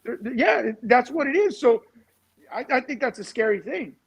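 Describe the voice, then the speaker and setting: A man on a talk-show panel, telling a story in an animated way. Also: very high voice, moderate pace, gravelly, slightly rough, rough recording. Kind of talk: casual talk-show discussion.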